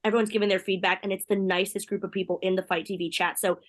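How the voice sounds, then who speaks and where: Bubbly woman host, talks fast, gushing asides, mid-pitched voice. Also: little pitch movement. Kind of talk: casual podcast chat.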